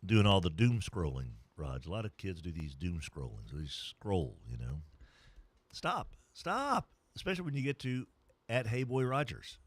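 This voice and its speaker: A man's voice: deep voice, very animated, moderate pace, slightly rough, no echo. A man hosting a morning sports radio show, joking his way through live ad reads. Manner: playful, jokey, mock-whispers and funny voices during ad reads.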